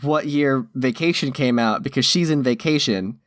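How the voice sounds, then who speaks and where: A man's voice: medium pitch, normal speed, a bit bright, no echo, clean studio sound. A man co-hosting a podcast in casual chat, with wry, sardonic quips. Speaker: podcast co-host.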